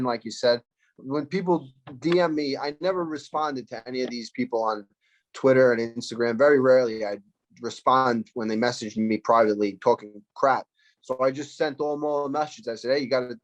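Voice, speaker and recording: A man talks loosely and casually, circling back and restarting his sentences. His voice sits in a middling pitch. He is heard through a phone with earphones on a call. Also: poor audio. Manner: rambling, loose, full of fillers and restarts. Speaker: fighter, interview guest. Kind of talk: casual interview over video call.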